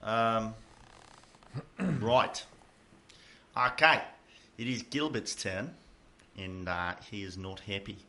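A man's voice: fairly low pitch, animated, slow pace, pauses often. A man acting as game master, narrating a tabletop game in a casual, joking way. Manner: casual, jokey, switching into loud villain shouts.

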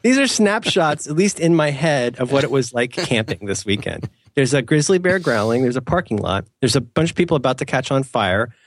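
A man chatting loosely as a podcast co-host, wandering off on tangents and poking fun at himself. He slips into mock-formal phrasing for jokes. The sound is dry and close, at a middling pitch. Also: expressive, brisk, dry recording. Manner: rambling, self-mocking, playful mock-formal asides. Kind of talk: casual chat.

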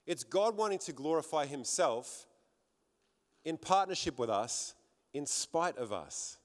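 A man's voice: a little high, sing-song, a little slow. A man preaching a sermon to a congregation in a church hall, fervent, often repeating words as he builds up. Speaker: pastor.

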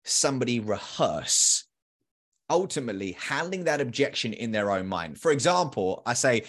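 A man's voice: mid-range voice, normal speed. A man in his thirties, a sales trainer, talking energetically as a podcast guest with emphatic repeats. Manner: animated, acts out quoted dialogue; emphatic repetition.

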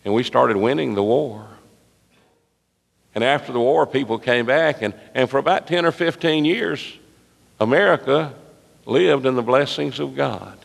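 A man preaches in a church, telling folksy stories and rising to high, impassioned cries. His voice is gravelly with fry. The sound rings with a long reverb from the large sanctuary. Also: normal speed. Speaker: pastor. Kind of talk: sermon with personal storytelling.

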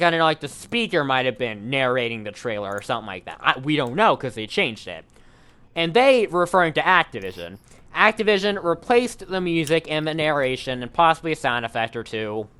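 A man with a smooth, resonant, somewhat high voice tells a long story on a casual podcast. He rambles and restarts often, piling up fillers as he goes. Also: big pitch swings, normal speed, sharp tone.

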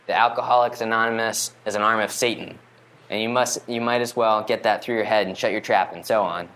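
A man's voice: on the low side, fairly even intonation, brisk, fairly bright tone. A man performing a first-person monologue in a wry, rambling, conversational way. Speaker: storyteller.

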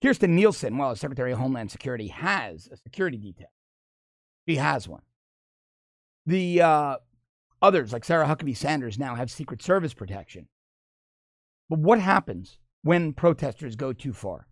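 A man delivering an opinion monologue as a political commentator, animated and mocking, often laughing as he talks. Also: medium pitch, normal speed, long pauses, no room sound, clean studio sound.

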